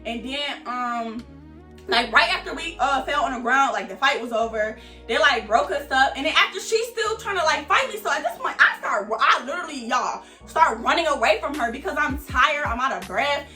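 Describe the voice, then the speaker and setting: High bright-voiced young woman telling a story. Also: moderate pace, soft background music. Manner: animated, profane, keeps addressing viewers as y'all. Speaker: vlogger. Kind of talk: casual storytime. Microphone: camera mic. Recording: roomy echo, distant from mic.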